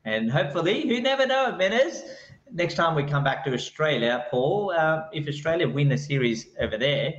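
Male guest author, insistent and animated; roomy, dull remote recording. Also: on the high side, moderate pace. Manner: animated, insistent, repeats points. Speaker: guest author, cricket writer. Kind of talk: casual cricket podcast chat.

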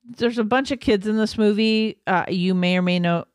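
A woman's voice: mid-range voice, moderate pace, smooth, dry recording, clean studio sound. A woman co-hosting a podcast, chatty and enthusiastic, laughing often. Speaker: podcast co-host. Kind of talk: casual chat.

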